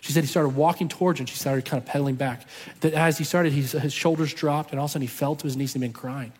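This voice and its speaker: A man with a slightly high, breathy voice preaches a fervent sermon. He tells his story with passion and repeats lines for emphasis. The sound carries a long, lingering hall reverb. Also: fairly even intonation, quick pace. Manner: impassioned storytelling with emphatic repetition.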